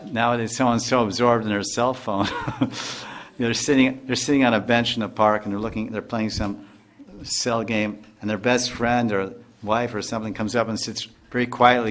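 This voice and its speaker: A man's voice: on the low side, fairly bright tone. An older man, a spiritual teacher, giving a devotional lecture in a loose, conversational way with many asides and restarts.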